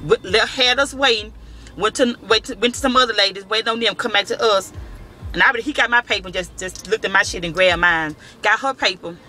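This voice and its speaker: Telling a story straight to camera, this male vlogger speaks high-pitched and a little fast, with faint music behind him. His language is casual and profane, and he animatedly performs the characters' lines.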